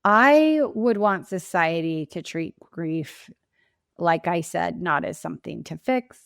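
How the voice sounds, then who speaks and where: A woman's voice: on the low side, takes it slowly, gravelly, no room sound, studio quality. A woman grief coach answering interview questions in an earnest, emphatic and reflective way. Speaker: grief coach and podcast guest.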